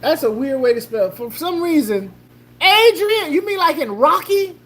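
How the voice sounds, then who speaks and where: A woman's voice: high voice, expressive, normal speed, a little hiss or hum. A woman hosting a casual livestream, joking loosely with slang, laughing and greeting chatters by name. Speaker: livestream host.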